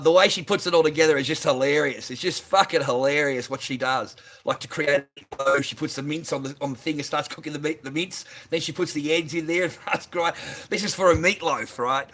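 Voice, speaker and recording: A man's voice: on the high side, a bit bright. A middle-aged Australian man chatting casually and profanely on a phone livestream, rambling and laughing often. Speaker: livestream host. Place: garage workshop. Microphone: phone on a holder.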